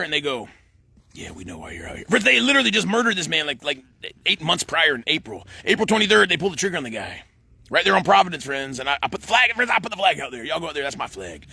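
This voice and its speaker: Guy in middle age, quick and bouncy delivery, gravelly phone vlog rant outdoors. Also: a little high. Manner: says "friends" in nearly every line, rambling and excitable. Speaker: vlogger. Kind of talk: rambling monologue to camera.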